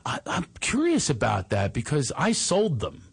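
A man's voice: on the high side, moderate pace, gravelly, slightly rough. A man hosting a podcast, telling stories in casual chat and laughing often. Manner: animated storyteller, laughs often. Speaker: podcast host.

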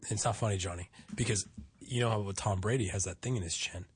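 Husky, blunt man in loose banter. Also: fairly low pitch, fast, no room sound. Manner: blunt, animated, swearing. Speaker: podcast co-host. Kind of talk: crude casual banter.

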